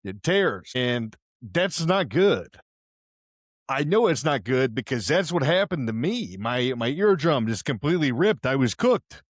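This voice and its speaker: A man's voice: mid-range voice, very animated, measured pace, dry recording, studio quality. A young man from Houston, casually telling a rambling, slang-filled story as a podcast host, wearing headphones. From Houston, Texas. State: partly deaf in one ear, wearing headphones. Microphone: headphones on, close mic.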